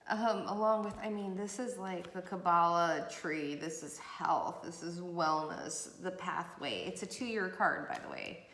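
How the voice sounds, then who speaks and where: A woman's voice: on the low side, very animated, measured pace, vocal fry, hardly any pauses, a bit bright. A woman giving a chatty, rambling tarot reading with many fillers, recorded on a camera mic. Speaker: tarot reader. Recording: echoey room with faint noise.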